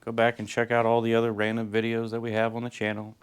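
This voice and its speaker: A man's voice: medium pitch, completely flat delivery, quick pace, clear, resonant tone. A man from Virginia, talking in a laid-back, rambling way as he introduces his car-building vlog. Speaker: vlogger building a lowrider. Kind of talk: casual garage vlog intro.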